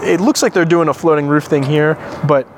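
A man's voice: on the high side, brisk, a little hiss or hum. A man co-hosting a podcast, chatting casually and enthusiastically while touring cars on an auto show floor. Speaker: podcast co-host. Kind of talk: casual walking-tour chat.

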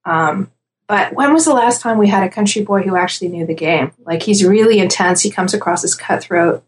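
A woman's voice: medium pitch, fairly quick, slight background noise. A woman in casual podcast chat, talking through predictions with lots of fillers and easy laughs. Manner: chatty, laughs easily, many fillers. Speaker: podcast guest analyst.

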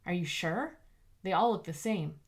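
A woman voicing an eager, chatty adult woman in an audiobook, pitched higher than her own voice. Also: animated, normal speed. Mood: curious. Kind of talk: audiobook character voice.

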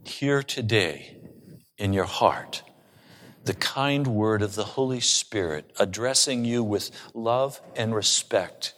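Slow, unhurried male pastor preaching. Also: on the low side, fairly bright tone, in a large hall, a little hiss or hum. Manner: storytelling with humor. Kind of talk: sermon.

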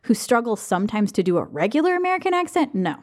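A woman hosting a casual movie review podcast, quick-witted and wry as she steers the talk. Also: a little high, very animated. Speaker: podcast host.

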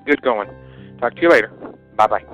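A man's voice: medium pitch, lively intonation, brisk, a bit bright, faint music behind. A man leaving a friendly voicemail for a podcast, hesitant and rambling. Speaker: caller. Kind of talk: voicemail message. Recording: tinny phone line.

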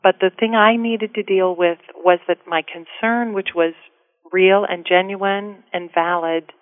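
A woman's voice: medium pitch, steady tone, unhurried, no room sound. A middle-aged woman, a guest author, speaking earnestly and from the heart in a casual interview. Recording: tinny phone line.

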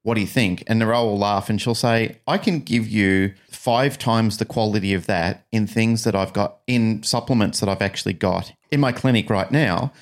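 A man co-hosting a casual podcast, telling stories in an animated, emphatic way. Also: lowish voice, normal speed, hardly any pauses. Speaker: podcast co-host.

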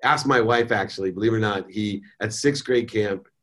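A middle-aged man speaks as a guest on a podcast, recounting his own life lessons. His voice sits on the low side, and his delivery is candid and animated, with casual words like "man" and "dude" scattered through it. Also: moderate pace. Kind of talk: personal storytelling in an interview.

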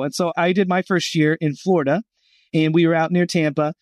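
A middle-aged man speaks as a guest on a podcast, his voice sitting slightly high for a man. He tells his stories with energy and acts out the voices of the people in them. The sound is dry and close, with little room around it. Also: fairly quick, no echo. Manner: animated storyteller acting out quoted voices. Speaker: guest speaking for a Christian gap year college. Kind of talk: storytelling in a podcast interview.

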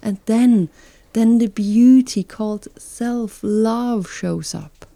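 A woman narrating a calm, reflective personal monologue, slowly and thoughtfully, at times dropping into a soft whisper. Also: a little high, gravelly, dry recording.

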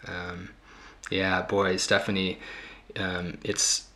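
A man hosting a reflective talk, a therapist speaking earnestly to his audience and pausing often to find his words. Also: low-pitched, completely flat delivery, pushed and bright. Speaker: host and therapist.

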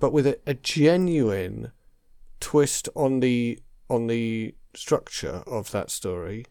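An English man co-hosting a podcast, chatting casually about films at a middle pitch. He rambles, hunts for words and restarts his sentences. His voice is recorded close and dry. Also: slow pace, creaky, mellow, no room sound. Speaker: podcast co-host. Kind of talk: casual chat.

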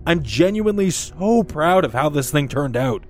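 A man's voice: on the high side, sing-song, normal speed, soft background music. Upbeat man hosting a podcast. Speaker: podcast host. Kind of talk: casual group chat.

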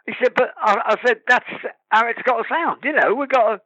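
High, bright storyteller. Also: male voice, brisk, breathy edge, no echo, highs cut off. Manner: lively storyteller, breaks into sung snatches and laughs. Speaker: guest musician. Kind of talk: casual anecdote telling.

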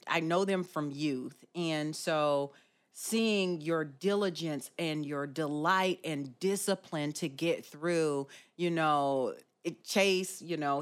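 A woman's voice: deep voice, a bit bright, clean tone. A woman hosting a podcast, talking in an earnest, encouraging way with many fillers. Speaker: podcast host. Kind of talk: casual chat.

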